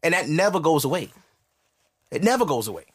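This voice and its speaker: A man hosting a podcast, ranting in casual comedic style, animated and profane. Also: a little high, fairly quick, breathy edge. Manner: animated, profane storytelling with voiced asides. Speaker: podcast host.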